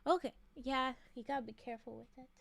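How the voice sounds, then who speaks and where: Woman, high pitch, soft-spoken, rambling casual chat, dry close sound. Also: quick pace, gravelly, no echo. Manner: chatty and rambling, with frequent laughs and filler words; soft-spoken, drifting into quiet murmurs. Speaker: streamer. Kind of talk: casual chat with stream viewers.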